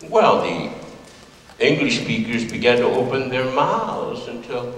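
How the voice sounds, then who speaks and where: A man's voice: mid-range voice, sing-song, unhurried, a little hiss or hum. A man in his seventies, a playwright from the United States, giving a humorous, anecdotal lecture to an audience in a large hall, recorded from a distance. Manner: humorous, anecdotal, plays voices. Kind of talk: public lecture. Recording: echoey hall from far off.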